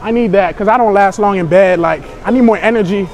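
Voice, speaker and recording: High-voiced brash young man pranking. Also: a little fast, a little mellow, faint music behind. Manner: brash, joking, provocative. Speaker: prank vlogger. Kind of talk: public prank chatter. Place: inside a store.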